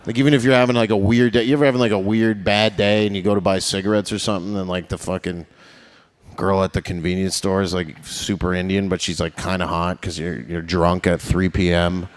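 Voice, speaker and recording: A man's voice: low voice, level tone, a little fast. A man doing a stand-up set, crude and rambling, full of filler words and laughing at his own jokes. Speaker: stand-up comedian.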